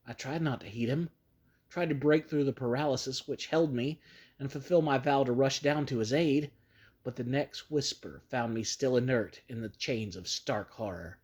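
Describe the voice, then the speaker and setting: A man narrating a horror story in a grave, measured storytelling manner. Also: medium pitch. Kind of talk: dramatic reading of a horror story.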